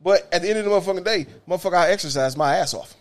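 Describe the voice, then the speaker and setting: A bus driver from Detroit, a man telling loud, profane stories in a casual podcast chat. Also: sits high, rapid-fire. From Detroit, USA. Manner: loud, profane, animated storyteller.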